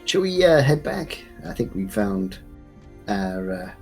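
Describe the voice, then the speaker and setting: A man speaking as a player in a tabletop game, talking haltingly with restarts. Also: fairly low pitch, big pitch swings, soft background music. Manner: halting, stumbling speech with laughs. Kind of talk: casual tabletop play.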